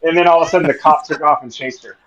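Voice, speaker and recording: A man's voice: fairly high pitch, racing, crowd noise. Laughing storyteller man, lo-fi sound. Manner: animated, acts out dialogue, laughs often. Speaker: podcast guest. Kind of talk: casual storytelling.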